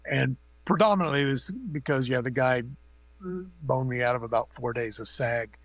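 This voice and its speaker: Speaking at a moderate pace in a slightly bright, mid-range voice, a middle-aged makeup effects artist tells meandering, foul-mouthed stories full of fillers. He's a guest on a remote call in a casual interview, and there's no echo.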